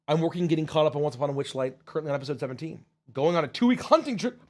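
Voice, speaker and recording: A man with a slightly high, lively voice rattles quickly through a casual live stream Q&A. He reads out viewer messages, cracks jokes, swears freely, and thanks his viewers.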